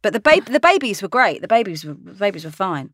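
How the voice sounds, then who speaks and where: A woman's voice: medium pitch, quick pace, no room sound. Chatty, laughing woman, dry sound. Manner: chatty, laughs often, animated storytelling. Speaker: actress. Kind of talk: casual interview chat.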